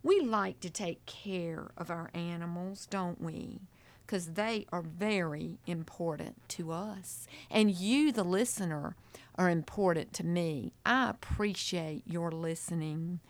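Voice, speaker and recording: Slow-talking woman college radio DJ. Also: on the low side. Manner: chatty, speaks straight to listeners. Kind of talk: casual radio patter. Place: student radio studio.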